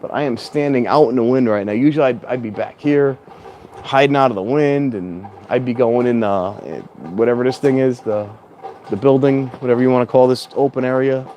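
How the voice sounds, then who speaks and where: Here a man with a dark, mid-pitched voice speaks briskly. Out at a wind-whipped train station, he rambles through a casual vlog, fixing his own words as he goes and at times speaking up, using a clip-on microphone connected to the phone in his hand.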